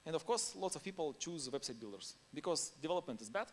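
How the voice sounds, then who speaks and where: A man's voice: on the high side, lively intonation, fast talker, slight background noise. A man giving a conference talk in non-native English, informal and anecdotal, laughing now and then between points. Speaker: conference speaker.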